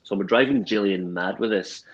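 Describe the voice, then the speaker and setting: A Scottish man co-hosting a podcast, telling a story in an animated way and laughing as he talks. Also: lowish voice, fairly quick, dull audio. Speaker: podcast co-host. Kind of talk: casual chat.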